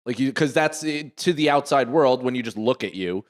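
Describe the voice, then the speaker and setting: A man co-hosting a podcast, asking probing questions in an animated, casual way. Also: medium pitch, moderate pace. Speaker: podcast co-host.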